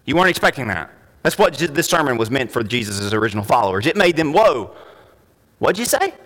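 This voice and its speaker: A male pastor preaching a sermon, moving between quiet, conversational asides and loud, emphatic declarations. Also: medium pitch, animated, fast talker. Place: church sanctuary. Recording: church hall with long reverb.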